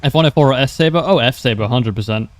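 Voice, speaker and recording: A young man playing a game on a livestream talks casually with a wry sense of humor, laughing frequently and replying to viewers' questions. His voice is medium-pitched and fairly quick, with no room sound.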